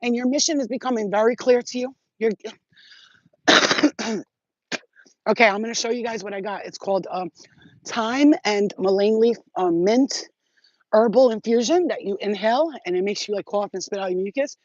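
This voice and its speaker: Woman, higher voice, excitable and profane, rambling vlog talk, dry dull lo-fi sound. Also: moderate pace, long pauses, dry recording. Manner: profane, excitable, streetwise slang. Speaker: spiritual vlogger. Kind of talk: rambling casual monologue to viewers.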